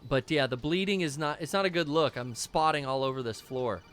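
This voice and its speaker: A man co-hosting a game stream, excitable and jokey, cursing often while commenting on play. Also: a little high, fairly quick, clear, resonant tone, soft background music. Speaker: streamer co-host. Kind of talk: casual gameplay commentary.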